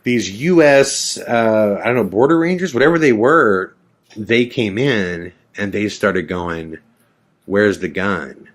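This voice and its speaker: Low-voiced man telling a dramatic story. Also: animated, a little slow. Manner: dramatic, vivid retelling of a frightening ordeal. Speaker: podcast host. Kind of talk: first-person storytelling.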